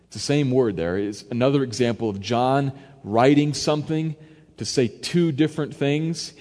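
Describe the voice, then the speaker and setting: A man with a mid-range voice preaches in an easy, conversational way, walking through a passage verse by verse. He pushes his voice up and louder to stress key lines and act out quotes. The sound has the long reverb of a large hall. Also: medium pitch, moderate pace. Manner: conversational, varies loudness for emphasis, acts out quotes. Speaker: pastor. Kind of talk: expository sermon.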